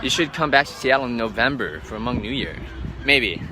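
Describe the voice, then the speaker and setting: Out among the boats, a travel vlogger livestreams from a handheld phone, his medium-pitched voice expressive and moving at a moderate pace. He rambles casually through viewer questions, stuffing his answers with "um" and "like," while noisy outdoor sounds fill the background.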